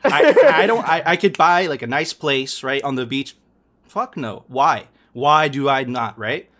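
A man's voice: medium pitch, a little slow, bright, forceful tone. A man in casual conversation who talks emphatically and with lots of swearing, often tagging his points with "right?". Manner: profane, emphatic, keeps asking "right?". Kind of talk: casual chat.

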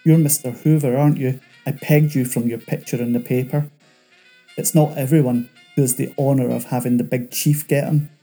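A man voicing a chatty male escaped convict who talks fast and nervously. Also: medium pitch, fairly even intonation, dark tone, soft background music, close to an everyday voice.

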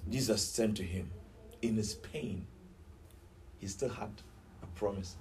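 Dramatic male preacher, shouts and whispers. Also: fairly low pitch, very animated, normal speed, long pauses, a little hiss or hum, poor audio. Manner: dramatic storytelling, swings between shouts and hushed near-whispers. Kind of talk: sermon.

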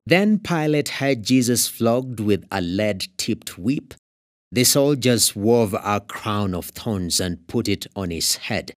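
A man from Kenya with a Kenyan English accent, reading scripture aloud as narrator in a steady, expressive way. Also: lowish voice, dry recording, studio quality.

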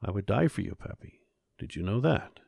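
A man reading the lines of a stern, grieving German mother, speaking quietly and in a clipped, restrained way. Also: lowish voice, sing-song, moderate pace, vocal fry, no echo, studio quality, pitched above the performer's own voice, full character voice. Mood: tender.

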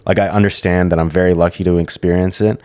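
A man with a very deep voice talks on a podcast, loose and rambling. His speech is full of "like" and casual swearing, as if he were talking with a friend. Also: fairly even intonation, fast, a little mellow, clear, resonant tone.

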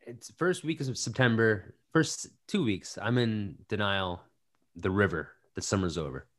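A man hosting a casual chat, playful and animated, repeating phrases for comic emphasis. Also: on the low side, a little slow. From New Jersey. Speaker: podcast host.

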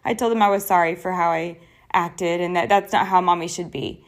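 A woman's voice: lowish voice, fairly even intonation, a little fast. A young adult woman hosting a podcast and talking in an earnest, personal, conversational way. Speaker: podcast host. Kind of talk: solo podcast talk.

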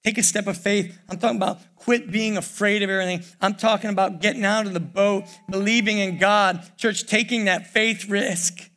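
An older man preaching a sermon in a church, pausing often and calling out "church". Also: sits high, fairly even intonation. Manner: preaching with many pauses, repeating "church". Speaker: pastor. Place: church sanctuary. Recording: worship music under the voice. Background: soft piano and keyboard.

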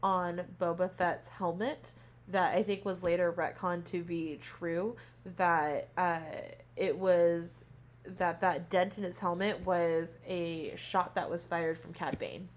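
A woman's voice: fairly low pitch, fairly even intonation, takes it slowly. A woman co-hosting a casual podcast, animatedly recapping a show and acting out the characters' lines, with plenty of swearing. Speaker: podcast co-host; teacher.

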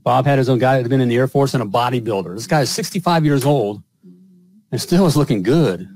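A man's voice: mid-range voice, animated, fast, a little mellow. A middle-aged man hosting a show, telling a personal story in a rambling way with lots of fillers and chuckles. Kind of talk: casual storytelling.

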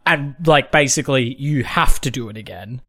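A man's voice: mid-range voice, moderate pace, sharp tone, no echo, studio quality. A man co-hosting a casual film podcast, talking animatedly, swearing freely and laughing often. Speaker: podcast co-host.

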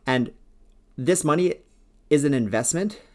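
A man's voice: on the high side, animated, unhurried, a little mellow. A man hosting a solo podcast, speaking in an earnest, persuasive way about working with a coach. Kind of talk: solo motivational podcast talk.

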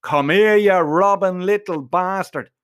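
A man voicing a hunched, angry old orchard owner who shouts harshly. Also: high-pitched, unhurried, clean tone. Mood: angry shouting.

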